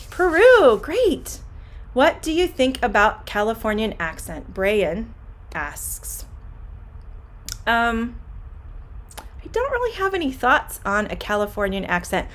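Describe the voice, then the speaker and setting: A middle-aged woman teaching English in a live online question and answer session, greeting viewers by name and answering slowly and clearly. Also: medium pitch, a bit bright. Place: home classroom.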